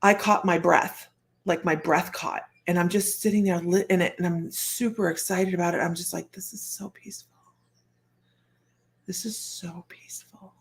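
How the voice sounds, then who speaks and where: An older woman, a psychic medium, telling a personal story in a chatty, animated way with frequent laughter. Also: fairly low pitch. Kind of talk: storytelling monologue.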